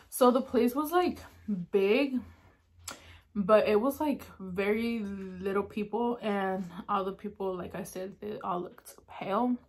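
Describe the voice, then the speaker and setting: A woman hosting an eating show, telling a spooky story in a casual, chatty way, using "like" constantly and dropping to a hush at the eerie parts. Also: mid-range voice, slow pace. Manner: chatty, heavy use of "like" fillers; drops to a hushed tone at eerie moments. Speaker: mukbang host.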